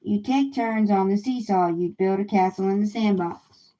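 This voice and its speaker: A woman reading a children's picture book aloud in a gentle, unhurried way on a livestream. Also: mid-range voice, dull audio. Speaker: storybook reader. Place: home livestream.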